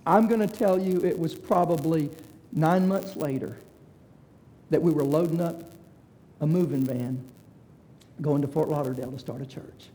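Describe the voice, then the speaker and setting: A man's voice: on the high side, moderate pace, long pauses, dark tone. A man, a pastor telling a personal story in a sermon in a folksy way, acting out the voices of the people he quotes. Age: 60s. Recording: long reverb of a large hall.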